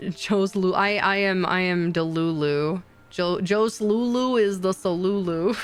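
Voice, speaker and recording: A woman's voice: mid-range voice, slow, clear, resonant tone. A young adult woman chatting casually with her stream viewers, playful and teasing, swearing and laughing often. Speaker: VTuber streamer.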